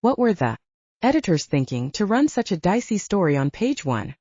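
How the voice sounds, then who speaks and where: Brief: a brisk, opinionated young woman for an audiobook read by a woman, lively pitch, mellow and muffled. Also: slightly rough, no echo. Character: outspoken young woman journalism intern.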